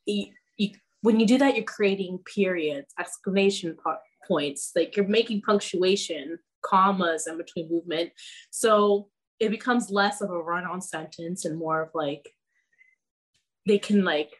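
A woman's voice: lowish voice, unhurried. Chatty belly dance teacher woman. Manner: chatty, many "like" fillers, laughs often. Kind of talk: casual podcast chat.

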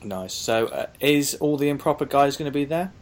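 Brief: podcast host, dry teasing humor, relaxed interview questions. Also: mid-range voice, moderate pace. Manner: wry, teasing. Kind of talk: casual podcast chat.

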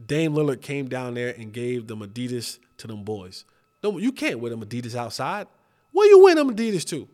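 A man in his thirties with a high voice hosts a casual sports talk show. He talks in an animated, joking way and repeats himself often. He slides into playful rants. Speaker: podcast host.

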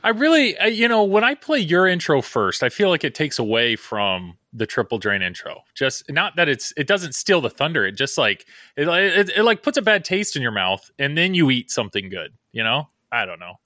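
Lively joking male podcast host. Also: on the high side, normal speed, few pauses, dry recording, studio quality. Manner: rambling, joking, self-deprecating. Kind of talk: casual chat.

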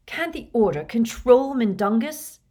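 A woman's voice: mid-range voice, expressive, measured pace, slightly rough, pitched above the performer's own voice. A woman voicing an angry teenage boy wizard who talks tensely.

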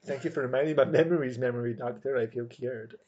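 A man's voice: mid-range voice, fast, darkish tone, lo-fi sound. A man co-hosting a podcast in casual chat, joking and laughing often. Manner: jokey, laughs often, playful wordplay. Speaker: podcast co-host.

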